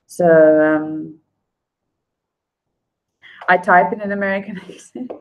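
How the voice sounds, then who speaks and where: A woman's voice: fairly low pitch, slow pace, poor audio. Chatty woman livestreaming. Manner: chatty and friendly, greeting viewers by name. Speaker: livestream host. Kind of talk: casual livestream chat, reading viewer comments.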